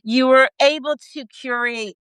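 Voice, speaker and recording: A woman hosting a casual conversation, talking in an emotional, animated way. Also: high-pitched, measured pace, clean tone, no echo. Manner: warm-hearted, emotional, animated. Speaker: podcast host.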